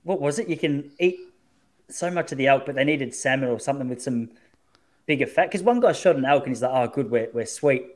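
A man's voice: mid-range voice, fairly quick, a little mellow. Chatty man telling stories. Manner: chatty storyteller, self-mocking. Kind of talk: casual chat.

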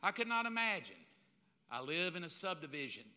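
A man's voice: on the high side, sing-song, a little fast, sharp tone, clear, resonant tone. A middle-aged man preaching a sermon, telling the story with humor and acting out the voices of a crowd. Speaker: pastor. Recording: long reverb of a large hall.

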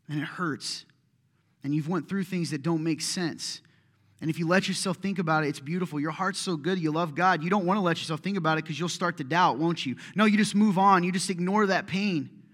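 A man's voice: a little high, fairly bright tone. A middle-aged man preaching a sermon as a pastor, conversational and impassioned, acting out prayers and complaints aloud.

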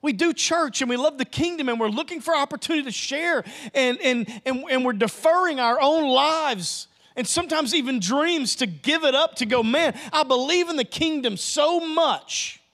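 A man preaching a sermon as pastor, emphatic and repetitive, swinging between loud passages and hushed ones. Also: very high voice, expressive, moderate pace, few pauses.

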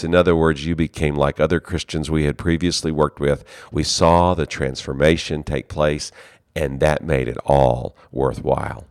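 A man's voice: very deep voice, flat delivery, normal speed, darkish tone, no echo, studio quality. A man who leads a seminary, giving an earnest, conversational ministry talk. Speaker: seminary leader.

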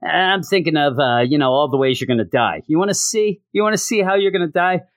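A man voicing a taunting male cosmic villain who mocks his foe in a quick, teasing way. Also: fairly high pitch, expressive, dry recording, clean studio sound, voice pushed up. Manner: mocking, fast, teasing.

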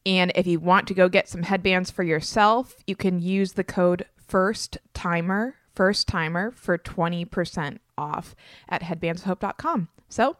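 A woman in her thirties with a slight lisp chats upbeat and loose as a podcast host, her voice pitched a little low. The sound is close and dry, with no room around it. She talks casually and fills gaps with "like". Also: normal speed, dry recording. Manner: upbeat and chatty, many "like" fillers. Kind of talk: casual solo podcast talk.

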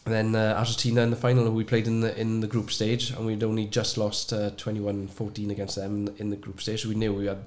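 Low, flat-voiced man recalling. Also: quick pace, hardly any pauses. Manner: rambling, hesitant recall with many fillers, brightening at high points. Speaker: guest, former sevens player. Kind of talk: casual interview recollection.

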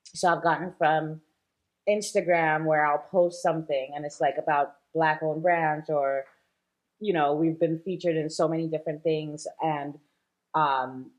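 A woman's voice: deep voice, lo-fi sound. A woman guest in a casual interview, a shop owner talking chattily with many fillers and easy laughs.

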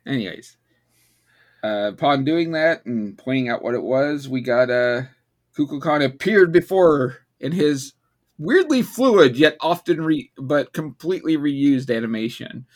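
A man's voice: medium pitch, unhurried. A middle-aged man co-hosting a podcast, jokey and stammering as he acts out quotes. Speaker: podcast co-host. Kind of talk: casual chat.

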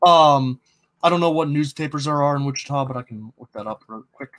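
A man with a somewhat high voice talks through ideas in a relaxed co-hosting chat. He hesitates often, filling pauses with ums and starting sentences over. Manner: hesitant, many ums and restarts. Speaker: co-host planning a fiction podcast. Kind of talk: casual brainstorming chat.

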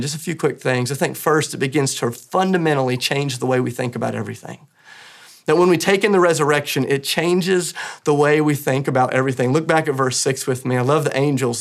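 A man's voice: a little high, gravelly. A man preaching an Easter sermon as pastor, earnest and emphatic, with rising bursts of emphasis.

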